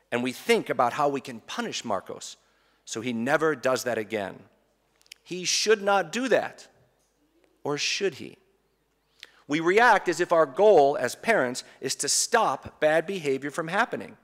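A middle-aged man, a seminary professor, giving a conference talk and telling a family story in a lively way, acting out the shouts of children and parents. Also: on the high side, measured pace. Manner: animated, acts out children's cries and parents' shouts. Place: conference hall. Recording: long hall reverb.

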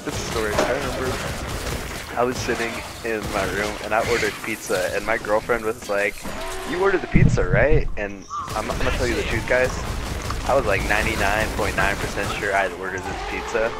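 A man's voice: fairly low pitch, little pitch movement, fairly quick, heavy background noise. A young man streaming, telling a story in casual slang and laughing often. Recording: loud music behind. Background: loud music.

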